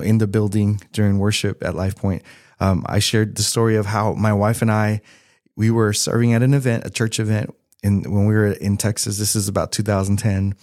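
A man in his thirties sharing a personal testimony as a pastor, earnest and unhurried, with soft laughs. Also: fairly low pitch, no echo, studio quality. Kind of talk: sermon-style testimony.

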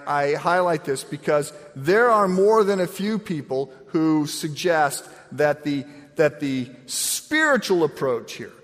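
A middle-aged man preaching a sermon with a slightly raised voice and lively storytelling that jumps up high for emphasis. His voice rings with the long reverb of a large hall. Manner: storytelling with lively, animated swings in pitch. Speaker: pastor.

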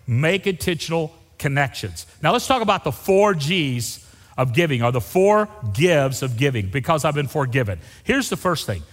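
A middle-aged man, an interim pastor preaching a folksy, animated sermon and joking with the congregation. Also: fairly high pitch, moderate pace, in a large hall, soft background music.

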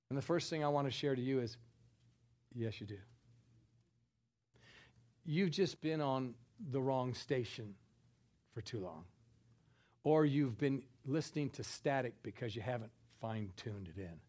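A man preaching a sermon, chatting with the congregation in asides and building to emphatic, forceful passages. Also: a little high, lively intonation, normal speed.

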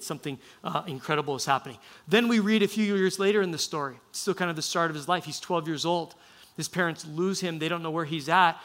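Bright-voiced, casual male preacher. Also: on the high side. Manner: casual, conversational preaching with frequent restarts. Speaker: pastor. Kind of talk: sermon.

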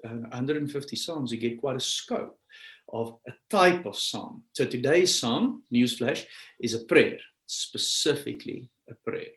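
Earnest man preaching in an echoey room. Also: mid-range voice. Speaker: pastor. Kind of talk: sermon.

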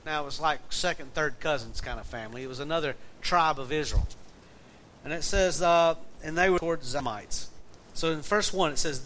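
A man's voice: on the high side, brisk, fairly bright tone, poor audio. A middle-aged man with a Southern accent preaching a conversational sermon, telling a folksy family story and reading scripture aloud. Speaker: pastor. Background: faint air conditioner hum.

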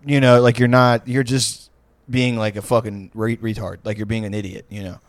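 A man's voice: fairly low pitch, level tone, moderate pace, no room sound. A young man co-hosting a podcast, telling profane, rambling comic stories and laughing often. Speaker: podcast co-host. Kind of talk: casual comedic storytelling.

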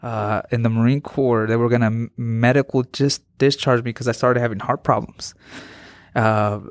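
A man's voice: mid-range voice, steady tone, no echo. Earnest man sharing his testimony. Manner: earnest, halting, with frequent restarts. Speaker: interview guest. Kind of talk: personal testimony.

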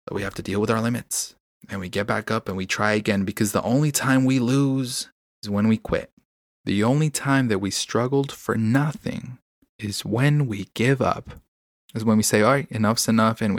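A man's voice: on the low side, gravelly, no echo, studio quality. A man hosting a podcast, talking candidly and earnestly on his own, frustrated but encouraging, often restarting his sentences. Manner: gives inspirational encouragement. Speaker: podcast host. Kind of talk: candid solo podcast monologue.

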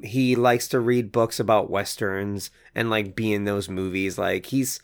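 A man co-hosting a casual movie podcast, telling stories in a relaxed, rambling way. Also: lowish voice, measured pace, clean tone. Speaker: podcast co-host. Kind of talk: casual chat.

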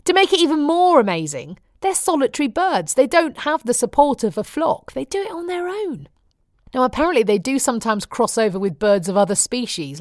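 A woman's voice: a little high, no room sound, studio quality. Wry middle-aged British woman storyteller. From Britain. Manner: wry, chatty storytelling with frequent laughs. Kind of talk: chatty personal diary monologue.

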